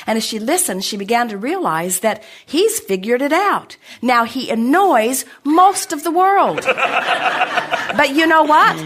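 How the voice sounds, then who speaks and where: A woman's voice: high voice, very animated, unhurried, fairly bright tone, a little hiss or hum. A middle-aged woman giving an inspirational seminar talk to an audience, speaking emphatically as "we". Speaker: spiritual speaker answering an audience.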